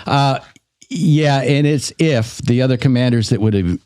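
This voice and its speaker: A man, a battlefield guide, answering listener questions in relaxed, joking podcast chat. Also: mid-range voice, measured pace, clean tone, no room sound, studio quality. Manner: relaxed, joking, thinks aloud.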